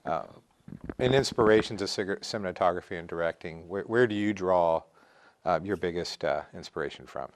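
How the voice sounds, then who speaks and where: A man's voice: sits low, a little fast. A man hosting a casual panel interview, joking around and rambling with restarts. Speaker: host.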